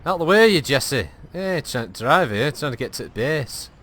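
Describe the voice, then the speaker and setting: A man's voice: medium pitch, very animated, normal speed, a bit bright. A man chatting and joking while streaming a game, with a lot of swearing. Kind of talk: live gameplay chat.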